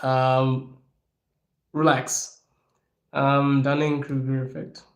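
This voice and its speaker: Frank, animated man in an echoey room. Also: medium pitch, drawn-out words. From Africa. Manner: frank, animated, laughs often. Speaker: podcast host. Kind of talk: casual Q&A talk.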